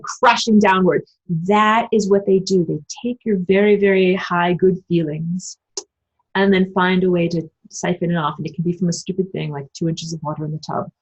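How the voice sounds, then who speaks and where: A woman talking casually about spiritual ideas and answering her live chat, acting out quoted voices with big jumps in pitch and swearing bluntly. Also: a little mellow, slightly rough, rough recording. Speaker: spiritual channel host.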